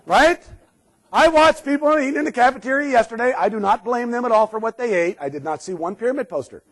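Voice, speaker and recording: A middle-aged man giving a live safety talk to a room, sarcastic and lively, laughing often. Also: very high voice, quick pace. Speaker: safety speaker.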